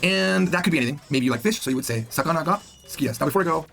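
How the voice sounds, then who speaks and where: A man teaching a video language lesson, animated and jokey, acting out example lines as he explains. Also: fairly high pitch, racing, gravelly.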